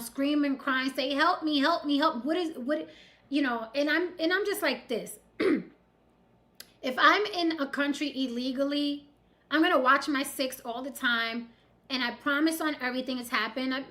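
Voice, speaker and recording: A woman with a high voice hosts a casual stream of news commentary. She is blunt and animated and often turns to address her audience directly. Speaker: host.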